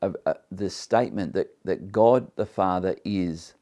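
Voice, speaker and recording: Deep-voiced man teaching the Bible. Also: unhurried, dark tone. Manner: earnest, reads scripture aloud then explains it; emphatic, with repeated restarts.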